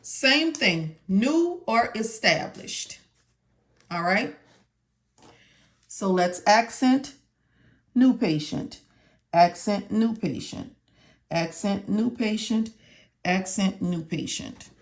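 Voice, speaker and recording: Slow, deliberate woman coding teacher. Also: medium pitch, expressive. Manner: slow, repetitive, talks to viewers as if they can answer. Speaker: medical coding instructor. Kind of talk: study walkthrough lesson.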